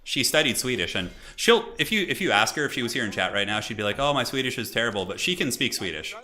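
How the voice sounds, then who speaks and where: A young man streaming and chatting excitably as he commentates a multiplayer strategy game, laughing often. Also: medium pitch, fast.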